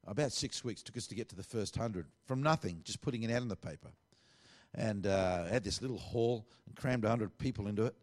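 Middle-aged pastor, lowish voice, chatty sermon storytelling. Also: male voice, a little fast. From Australia. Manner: conversational, animated storytelling with quoted dialogue.

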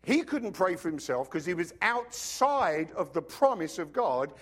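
A man preaching in a lively, bouncy way, his voice rising and falling a lot. He sits a bit high for a man and talks to the congregation casually, mixing teaching with jokes and acted-out bits. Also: a little slow. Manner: animated, conversational preaching with joking asides. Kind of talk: sermon.

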